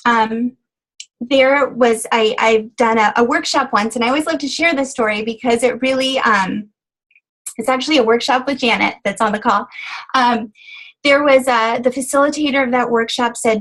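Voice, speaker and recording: A woman's voice: a little high, fairly bright tone, poor audio. Earnest, emotional woman health coach. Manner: earnest, emotional, frequent fillers. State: tearful, choked up. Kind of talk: motivational testimonial on a conference call. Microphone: phone call.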